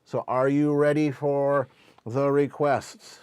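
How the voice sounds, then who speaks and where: A man co-hosting an art livestream, rambling and halting with many fillers as he explains rules and reads out requests. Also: mid-range voice, level tone, a little mellow, clean tone, no room sound. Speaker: stream co-host. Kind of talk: casual livestream chat.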